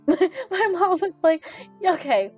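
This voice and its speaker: A woman's voice: a little high, big pitch swings, unhurried, soft background music. A young woman streaming from home, chatting casually with her viewers and giggling constantly.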